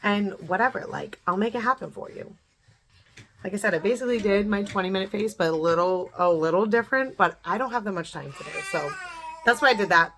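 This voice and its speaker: A woman's voice: mid-range voice, brisk, a bit bright, a little hiss or hum. A woman in her thirties giving an earnest, repetitive motivational pep talk to camera, as in a home beauty vlog. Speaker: beauty vlogger.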